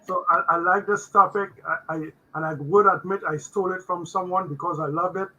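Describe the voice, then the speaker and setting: An older man with a raspy voice, a guest accountant giving a faith-based finance talk on a video call, halting with many fillers and restarts. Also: high-pitched, steady tone, pushed and bright, muffled recording.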